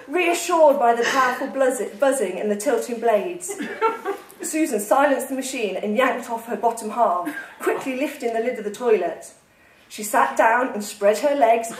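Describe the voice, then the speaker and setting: A woman author reading her comic novel aloud at a live salon, with lively, amused storytelling. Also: fairly high pitch. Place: literary salon with a live audience. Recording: echoey room, distant mic, audience laughter.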